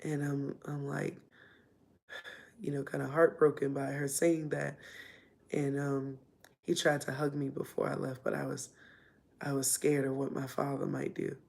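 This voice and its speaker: A woman tells a personal story in a casual, rambling way, full of fillers and re-enacted dialogue. Her voice has a gravelly, fry-edged texture. She keeps an even, flat pitch throughout. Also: unhurried, pauses often. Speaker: vlogger telling her life story.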